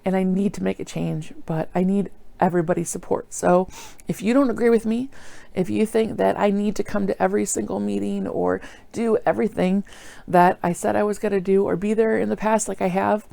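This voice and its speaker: A woman's voice: medium pitch, fairly even intonation, brisk, gravelly, mellow, no room sound. A middle-aged woman talking earnestly and apologetically in a rambling personal video diary, full of fillers. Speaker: vlogger.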